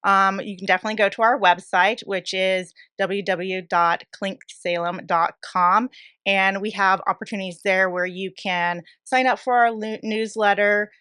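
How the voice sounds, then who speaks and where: A woman's voice: medium pitch, steady tone, normal speed, pushed and bright, clear, resonant tone, dry recording, clean studio sound. A woman from Oregon, a bistro owner chatting as a podcast guest in an upbeat, talkative way with plenty of fillers. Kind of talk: casual interview chat.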